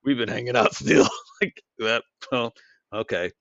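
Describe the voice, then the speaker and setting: A man's voice: medium pitch, measured pace, vocal fry, no echo. A man co-hosting a podcast, telling a story in casual chat, swearing often and acting out what people said. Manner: animated, swears a lot, acts out quotes in shifting voices. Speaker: podcast co-host. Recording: dull lo-fi sound.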